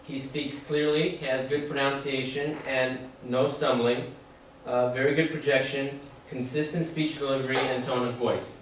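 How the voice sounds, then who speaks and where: A man's voice: mid-range voice, little pitch movement, moderate pace. Hesitant young man in an echoey room. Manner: hesitant, many fillers. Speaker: student presenter. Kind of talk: class presentation. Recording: echoey room from far off, faint noise.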